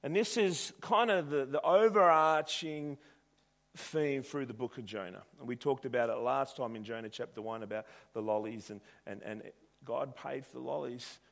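A man's voice: mid-range voice, normal speed, creaky, fairly bright tone. A man preaching a sermon in a conversational way, using rhetorical questions. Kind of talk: sermon with a told story.

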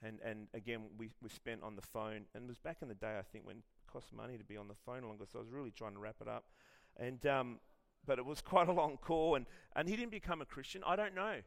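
A middle-aged pastor from Western Australia delivers a lively, conversational sermon, sharing personal stories with self-deprecating humour. His voice is medium in pitch and creaky, and he talks at a quick pace.

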